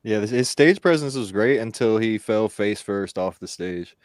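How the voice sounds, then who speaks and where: A man co-hosting a podcast, making blunt deadpan remarks in casual chat. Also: fairly low pitch, moderate pace, no room sound, clean studio sound. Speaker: podcast co-host.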